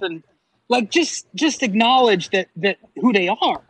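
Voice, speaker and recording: A man co-hosting a casual wrestling podcast, talking in a lively way, laughing often and mimicking announcers. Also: high-pitched, moderate pace, slightly rough, no echo, rough recording. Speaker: podcast co-host. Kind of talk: casual chat.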